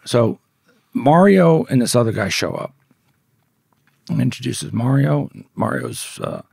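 A man's voice: medium pitch, huge pitch swings, a little slow, gravelly, a little mellow, slightly rough, dry recording, studio quality. A man who is a podcast guest, telling a story in a blunt, profane, casual way and acting out the dialogue.

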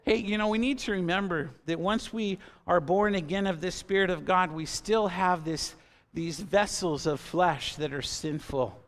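A man's voice: high voice, moderate pace. A man in his fifties preaching a sermon as pastor in a church, earnest and conversational, with asides to the congregation. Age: 50s. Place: church sanctuary.

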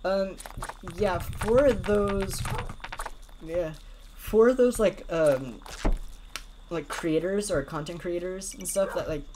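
Woman, lowish voice, casual rambling gameplay commentator, heavy on fillers. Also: slow pace, pauses often, noisy background. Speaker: gameplay video creator. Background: game music.

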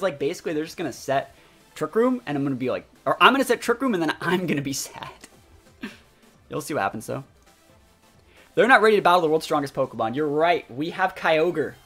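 Young male streamer, lively swooping voice, husky edge, game music under, excitable live commentary. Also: fairly high pitch, fairly quick. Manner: excitable, talks to chat, sudden loud outbursts. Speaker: gaming streamer. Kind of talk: live commentary over gameplay. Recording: faint music behind voice.

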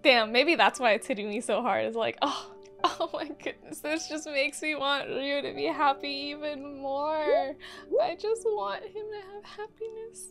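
A woman's voice: sits high, a little slow, a bit bright, soft background music. A young woman reacting to an anime episode in casual commentary, emotional and exclamatory, thinking aloud with lots of "like".

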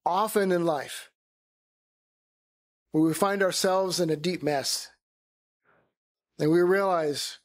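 High-voiced man teaching a Bible sermon. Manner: conversational, acts out quoted voices.

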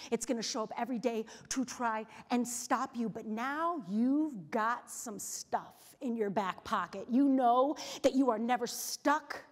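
A woman in her forties giving an energetic, story-driven motivational keynote on a hotel ballroom stage, acting out the quotes in her stories. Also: fairly high pitch. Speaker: keynote speaker. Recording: reverberant hall.

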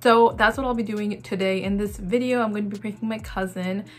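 A woman's voice: medium pitch, steady tone, brisk. A young woman vlogging in a chatty, giggly, nervous way as she narrates a text prank. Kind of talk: casual vlog chat.

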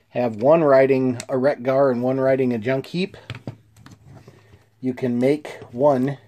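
Mellow-voiced congested male toy reviewer. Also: medium pitch, steady tone, slow, long pauses. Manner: easygoing, chuckling, many fillers and restarts. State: a little congested.

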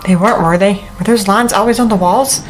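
A woman's voice: medium pitch, quick pace, a little hiss or hum, rough recording. A woman playing a horror game and commenting, talking to herself in a nervous, jumpy, joking way. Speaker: gaming YouTuber.

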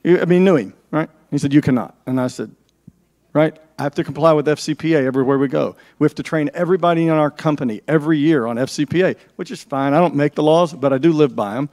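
A plain-spoken man, telling a story on a business panel. His voice sits somewhat high for a man. He talks in a straightforward, anecdotal way. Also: quick pace, darkish tone. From United States. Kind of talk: panel discussion.

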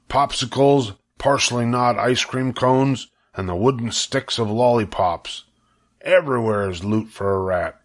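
A man's voice: mid-range voice, natural voice. A man voicing a worldly, persuasive old male sheep in a storybook, lingering with relish over long lists.

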